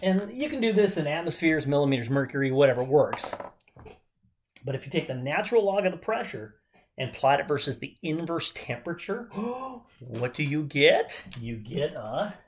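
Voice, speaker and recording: A man's voice: on the high side, very animated, moderate pace, slight background noise. A man teaching chemistry at a whiteboard, enthusiastic and jokey, talking straight to his students. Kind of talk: whiteboard lecture.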